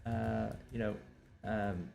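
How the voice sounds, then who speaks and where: A man's voice: lowish voice, steady tone, creaky, a little mellow, faint music behind. Man thinking aloud while drafting a novel. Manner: halting, many fillers and restarts, reads draft lines aloud. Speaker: novelist live-streaming his writing.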